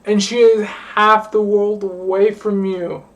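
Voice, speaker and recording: A woman's voice: medium pitch, flat delivery, takes it slowly. A drunk young woman rambling and swearing in a vlog, slurring and repeating the same phrase over and over. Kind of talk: rambling late-night vlog rant. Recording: voice distant from the mic.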